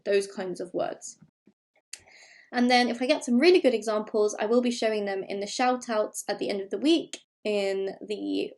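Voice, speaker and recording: A primary school teacher with an English accent and a medium-pitched voice gives a recorded remote lesson to young pupils. She explains things clearly and puts stress on the key words.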